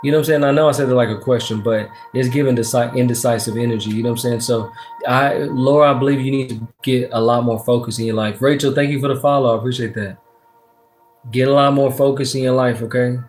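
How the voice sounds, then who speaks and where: A laid-back man with a drawl chats on a live stream, pulling tarot cards and reading out comments. His voice sits at an everyday middle pitch, and his slangy, easygoing talk is full of shout-outs and the odd curse. Soft music plays faintly behind him. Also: steady tone, fast talker. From Texas. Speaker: livestream tarot reader. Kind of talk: casual livestream chat, reading comments aloud.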